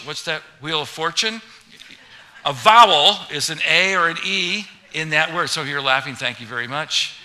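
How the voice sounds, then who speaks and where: A man preaching a sermon, chatty and joking, then building to loud, emphatic preaching. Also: on the high side, expressive, a little slow. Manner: conversational, humorous, rising to loud emphatic preaching. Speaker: pastor.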